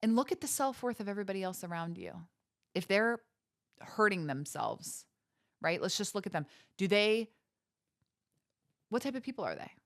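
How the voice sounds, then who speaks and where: A woman's voice: mid-range voice, sing-song, moderate pace, long pauses. A woman hosting a podcast, giving earnest, preachy motivational talk with faith references and many rhetorical questions. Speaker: podcast host.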